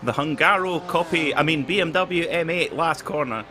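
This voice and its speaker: A man's voice: a little high, normal speed, over music. A man hosting and commentating a sim race, playful and teasing his co-hosts. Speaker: commentator and show host. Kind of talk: live sim racing commentary. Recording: background noise under commentary.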